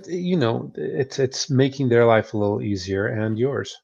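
A man co-hosting a casual book discussion podcast, chatty and relaxed, often tagging "right?" and laughing. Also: mid-range voice, moderate pace, vocal fry, few pauses, slightly rough, lo-fi sound. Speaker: podcast co-host, therapist.

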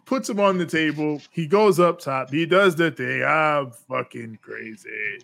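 Man, wrestling podcast co-host, slightly high voice, play-by-play recap. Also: unhurried, creaky, fairly bright tone. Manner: play-by-play recounting, laughs along. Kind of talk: casual wrestling match recap.

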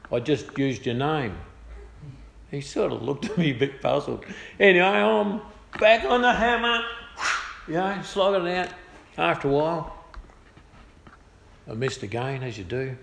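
A middle-aged man with an Australian accent offers a personal testimony through casual storytelling, chatty and good-humoured, with lively voiced quotes. His voice is a little high with vocal fry, moving at a moderate pace and pausing often; the room is echoey with faint ambience.

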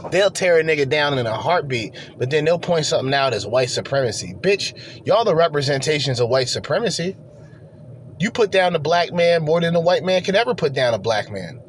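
A man's voice: fairly high pitch, animated, brisk, slight background noise. A man hosting a reaction commentary, ranting in a profane, confrontational way. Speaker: commentary host.

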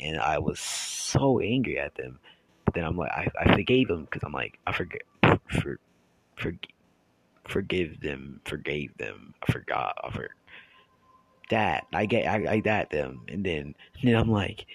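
Deep-voiced rambling young man. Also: sing-song, vocal fry, husky, low-quality recording. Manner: rambling, halting with many restarts. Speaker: YouTuber. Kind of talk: casual monologue.

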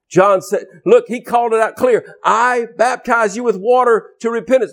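A man preaching a fiery deliverance sermon, forceful and repetitive, breaking into shouts. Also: very high-pitched, normal speed, few pauses.

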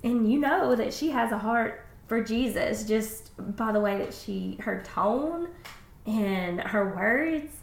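An enthusiastic woman co-hosts a faith podcast, speaking from the heart. Her voice is fairly high with a gravelly fry. The recording has a roomy echo. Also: slow pace. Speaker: podcast co-host. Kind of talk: casual faith podcast chat.

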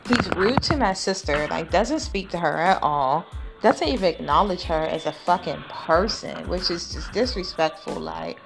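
On a podcast, a female host tells a personal story as a casual monologue, blunt, chatty and profane, speaking to the listener like a close friend and calling them sis. Her voice is lowish, expressive and creaky at a moderate pace. Music plays behind this podcast voice recording.

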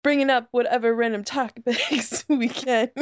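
A woman's voice: fairly high pitch, steady tone, moderate pace, clear, resonant tone, dry recording. A woman co-hosting a casual podcast over an online voice call. She keeps breaking into giggles as she tries to read an ad. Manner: giggly, keeps dissolving into laughter while reading. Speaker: podcast co-host. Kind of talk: casual chat among friends.

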